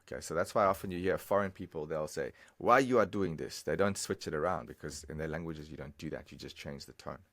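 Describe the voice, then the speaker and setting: A man teaching a language lesson over a screen recording, patiently explaining and repeating phrases slowly, step by step. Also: rumbling low, fairly even intonation.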